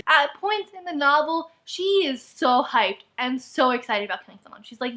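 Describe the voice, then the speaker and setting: High, bright-voiced woman ranting. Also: expressive, normal speed, few pauses. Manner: exasperated, heavy use of "like". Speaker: book reviewer. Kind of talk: rant review vlog.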